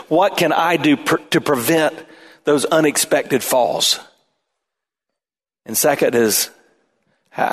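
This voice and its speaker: A man pastor preaching a sermon in an animated way, his voice climbing toward near shouts at times. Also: medium pitch.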